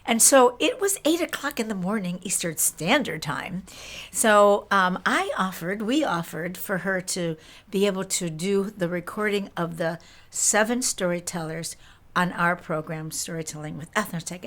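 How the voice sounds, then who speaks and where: A woman's voice: fairly low pitch, moderate pace, a bit bright. A woman hosting a storytelling program, introducing a concert in an easy, conversational way. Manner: conversational, with fillers and restarts. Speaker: radio show host. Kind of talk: casual spoken introduction.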